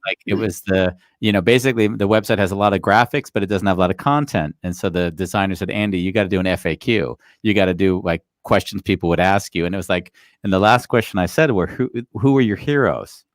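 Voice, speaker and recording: Male host, casual podcast chat, fast and eager, lowish voice, dry recording. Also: no echo. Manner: quick, eager talker with many "like"s.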